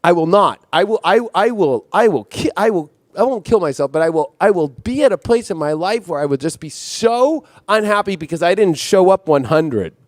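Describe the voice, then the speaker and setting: A man hosting an impassioned astrology monologue, intense and profane, circling back on his own phrases. His voice sits very high for a man. The sound is dry and close. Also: lively intonation, normal speed, few pauses, no echo. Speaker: astrologer host.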